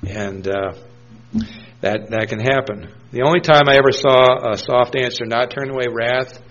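Brief: a mid-pitched man preaching, telling stories between verses, lo-fi recording. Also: normal speed, fairly bright tone, soft background music. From New Hampshire, USA. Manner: storytelling, conversational with scripture quotes. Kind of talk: sermon.

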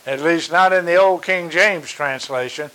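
A man preaching a sermon. He speaks slowly and deliberately, stresses his key points by repeating them, and pauses on fillers. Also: a little high, fairly bright tone, rough recording.

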